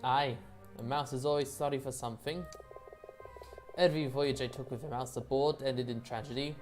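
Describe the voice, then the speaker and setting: A woman voicing a gruff, blustering old male pirate frog captain in a mock Scottish accent. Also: very deep voice, fairly even intonation, normal speed, darkish tone, faint music behind. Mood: grumbling.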